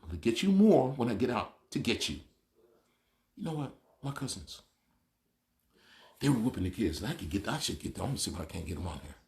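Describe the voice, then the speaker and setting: Gravelly, animated man telling stories. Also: fairly low pitch, fast, pauses often. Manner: animated, storytelling, opinionated. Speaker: vlogger. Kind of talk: casual monologue.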